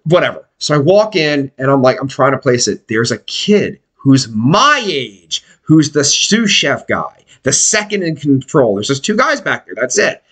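A man's voice: medium pitch, very animated, a little slow, hardly any pauses, a bit bright. A man in his forties from Pennsylvania, telling profane, rambling stories in casual podcast chat. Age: 40s.

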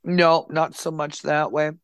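Swearing, excitable man with a fairly high voice. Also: a little slow, smooth, dry recording. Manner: enthusiastic, swears freely. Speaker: podcast host. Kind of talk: casual chat. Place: Nova Scotia home recording.

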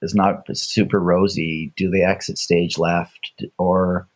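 A man's voice: low voice, level tone, takes it slowly. A middle-aged man, a guest telling reflective stories in a conversational way. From Canada. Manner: reflective, uses vivid stage imagery. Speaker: guest, Olympic champion. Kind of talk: conversational storytelling.

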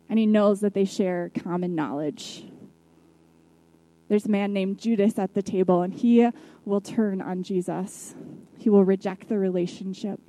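A woman preacher retelling a Bible story in a sermon, reflective, with soft hushed drops at key moments. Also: medium pitch, no room sound, poor audio.

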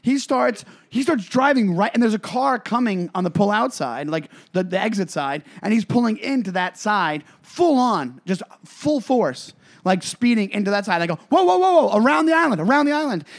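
Man, podcast co-host, casual chat, fairly high voice, rambling, lots of fillers. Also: animated, normal speed. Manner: rambling, filler-heavy storytelling.

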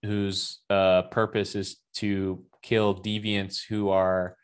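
A man's voice: low voice, little pitch movement, slow pace, smooth. A man casually discussing a superhero movie with an easygoing, joking manner. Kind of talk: casual movie review chat.

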